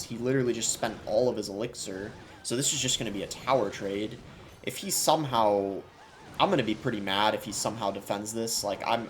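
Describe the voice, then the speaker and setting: A young man giving casual, chatty commentary over his own mobile game match, now and then getting excited. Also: lowish voice, slight background noise. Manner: relaxed and chatty, bursts into excited shouting at big plays. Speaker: gaming YouTuber. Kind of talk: live gameplay commentary.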